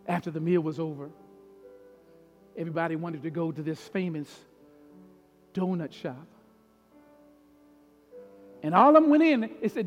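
A middle-aged man preaching a storytelling sermon as a pastor, swinging from hushed tones to loud peaks. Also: a little high, normal speed, pauses often, muffled recording. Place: large church hall. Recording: long hall reverb with faint piano. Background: soft piano.

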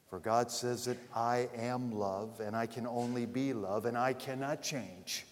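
A man's voice: mid-range voice, steady tone, unhurried, few pauses. Earnest preacher man in echoing hall. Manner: earnest, swells loud then drops to a hush. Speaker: pastor. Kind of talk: sermon with storytelling. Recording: long reverb of a large hall.

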